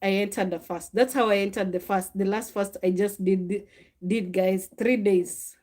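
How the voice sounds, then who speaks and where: A middle-aged woman, a mother telling a personal faith story in a lively, confessional way. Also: medium pitch, moderate pace. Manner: animated, confessional, acts out quoted dialogue. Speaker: mother sharing a faith testimony.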